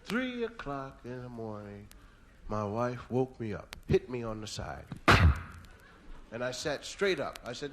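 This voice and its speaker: A male comedian telling a story on stage into a stage mic, animated, with yelled sound effects. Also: mid-range voice, unhurried, slight background noise. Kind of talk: stand-up storytelling. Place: on stage at a live show.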